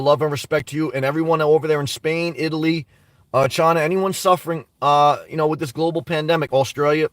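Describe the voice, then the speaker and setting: Man, high voice, blunt and swearing, live chat host, distant mic, dry sound. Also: fairly bright tone, dry recording. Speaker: livestream host reading chat. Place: home in New Jersey.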